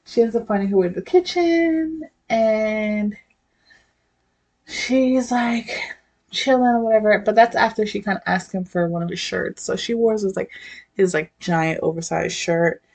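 A woman's voice: medium pitch, a little slow, darkish tone. A young woman casually recapping a story, chatty and laughing, swearing freely and saying "like" a lot.

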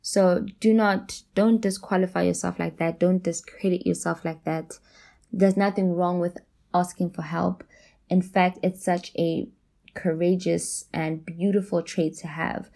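A woman hosts her own self-help podcast in a low, gravelly, mellow voice. She talks casually and encouragingly, often repeating a phrase for emphasis and laughing between points. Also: little pitch movement, measured pace. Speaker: podcast host.

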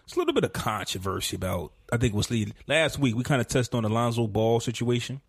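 Guy in his 30s cohosting a podcast, slangy and animated, mid pitch, dry close sound. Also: fast talker, gravelly, breathy edge, dry recording. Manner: animated, slangy, jumps up in pitch when riled. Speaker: podcast co-host. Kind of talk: casual chat.

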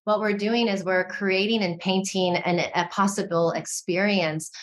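A woman talking as a podcast guest in a casual, animated way, often saying "like". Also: medium pitch, unhurried, a little hiss or hum. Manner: animated, frequent fillers like "like".

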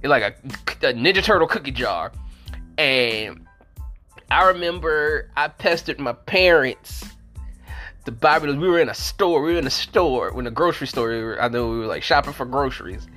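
A man's voice: mid-range voice, lively intonation, normal speed, sharp tone, faint music behind. A man hosting a movie review show, telling childhood stories in a rambling way, full of "like" fillers, swearing and laughter. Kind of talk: casual nostalgic vlog chat.

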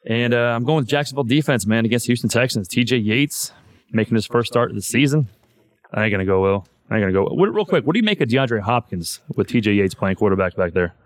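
A man's voice: medium pitch, lively intonation, fast talker, dry recording. A man hosting a podcast in casual chat, loose and profane, saying "man" all the time. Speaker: podcast host.

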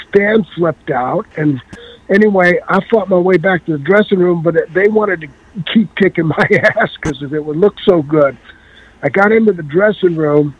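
A man telling a long story in a casual, animated way and acting out the voices of the people in it. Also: on the high side, breathy edge, no room sound. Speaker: guest. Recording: tinny phone-like line.

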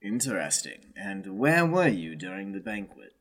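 Man, tabletop game player, low voice, formal, dry questioning. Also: sing-song, moderate pace, a bit bright. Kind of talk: tabletop role-play.

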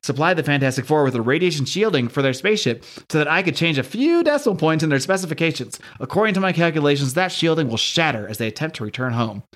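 A man's voice: a little high, animated, fast, hardly any pauses, a bit bright. A man voicing a smug, calculating male mastermind who gloats over his plans. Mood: gloating.

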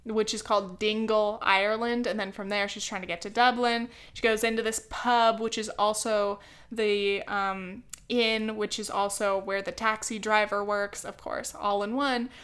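A woman's voice: medium pitch, level tone, normal speed, fairly bright tone. A young woman vlogger chatting casually and sarcastically about a movie, with lots of filler words, into a camera mic. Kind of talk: casual movie review chat.

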